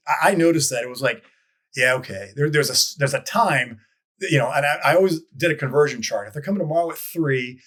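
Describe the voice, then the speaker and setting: A man telling stories as a guest in a casual interview, rambling with frequent restarts and lively quoted voices. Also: a little high. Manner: rambling with many restarts, animated quoting. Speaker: guest, advertising copywriter. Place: lives in Dallas.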